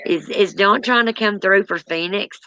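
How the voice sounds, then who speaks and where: A host running a live spirit box session, asking questions in a calm, drawn-out way. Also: medium pitch, no room sound, low-quality recording. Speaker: paranormal stream host.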